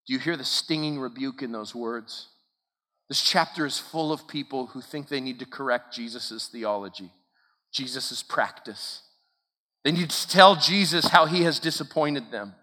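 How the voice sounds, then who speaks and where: A man preaching with a bright, forceful, fairly high voice and an emphatic, repetitive cadence. His words ring out with a long reverb from a large hall. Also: a little slow. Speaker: camp speaker. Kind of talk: sermon.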